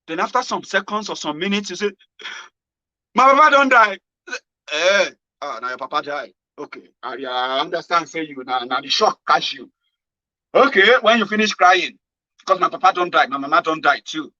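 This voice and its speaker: A man with a Nigerian accent, mixing in Pidgin, giving a casual motivational monologue as a host. He swings from loud exclamations to low murmurs. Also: a little fast, no echo. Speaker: political commentary host. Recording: dull lo-fi sound.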